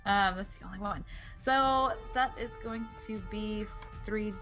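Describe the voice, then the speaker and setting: A woman's voice: mid-range voice, measured pace, music in the background. A woman playing a tabletop game, hesitant and giggly. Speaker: player. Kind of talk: casual tabletop play.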